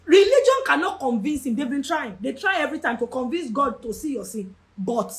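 A young woman with a Nigerian English accent, leading a Bible study with passion, repeating her words and shouting for emphasis. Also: sits high, big pitch swings, fairly quick. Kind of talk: livestreamed Bible study teaching.

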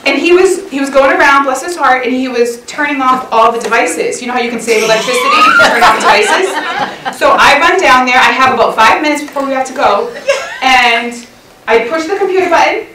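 A woman's voice: sits high, big pitch swings, fairly quick, background noise. A middle-aged woman telling a chatty, self-mocking story to a church women's session, laughing often. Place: church hall. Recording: roomy hall sound, mic at a distance.

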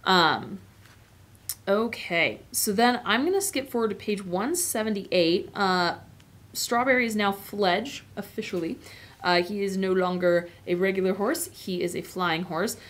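A woman's voice: medium pitch, a little slow, fairly bright tone. A woman teacher giving an informal, chatty lecture on a novel, with many fillers and asides. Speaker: literature teacher.

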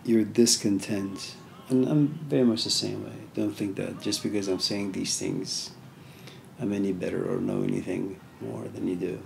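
A man's voice: fairly low pitch, fairly even intonation, normal speed, creaky, a little mellow, a little hiss or hum. A man giving an informal philosophy lecture, talking conversationally with many "you know"s and story asides.

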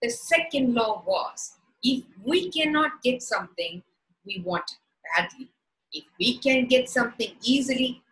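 A woman narrating a read-along storybook in a slow, clear, deliberate way. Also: on the high side, lively intonation, fairly bright tone, rough recording.

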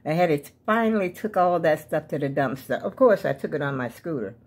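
A woman's voice: low-pitched, lively intonation, brisk, a little mellow. A woman in her seventies chatting casually to her viewers in a rambling, folksy way, often calling them y'all. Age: 70s. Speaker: vlogger. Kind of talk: casual chat to camera.

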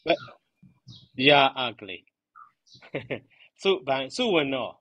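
A man teaching a grammar lesson, repeating each term slowly and giving its meaning. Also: mid-range voice, very animated, a bit bright, no echo. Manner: slow, repeats terms and glosses them.

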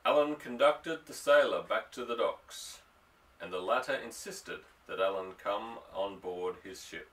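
Low, bright male audiobook narrator. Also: a little slow. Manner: steady storytelling. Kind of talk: scripted narration. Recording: distant mic.

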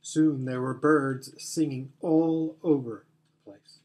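A man narrating a children's fantasy story as an audiobook reader, with gentle storytelling. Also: mid-range voice, fairly even intonation, slow. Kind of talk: scripted narration.

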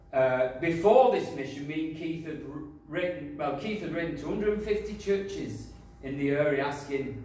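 A man preaching a sermon, telling a personal testimony, going from loud praise to quiet asides. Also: on the high side. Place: church hall. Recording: echoey hall, from far off, faint noise.

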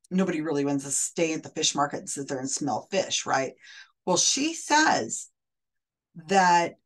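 A woman commenting analytically on a recorded psychic reading, explaining and restating quotes in a picky, careful way. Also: medium pitch. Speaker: skeptic commentator.

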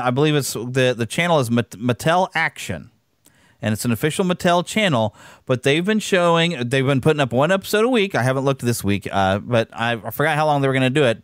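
A man's voice: medium pitch, expressive, fast, clean tone, dry recording, clean studio sound. A man hosting a podcast in casual chat, rambling and upbeat, with lots of fillers and restarts. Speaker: podcast host. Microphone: podcast microphone.

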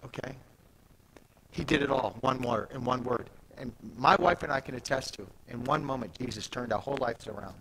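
Male preacher, raspy fry, slight background hiss; retells scripture casually, then punches key words loudly. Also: medium pitch, a little fast, rough recording. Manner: animated, swings from soft asides to loud emphatic peaks; conversational, retells scripture in everyday speech. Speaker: pastor. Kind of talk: sermon.

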